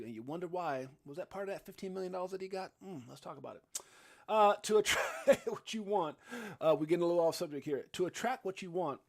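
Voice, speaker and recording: A man hosting a casual crypto livestream, talking in an animated, rambling way full of restarts and fillers. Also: a little high. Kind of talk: casual live-stream chat. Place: home studio in Las Vegas.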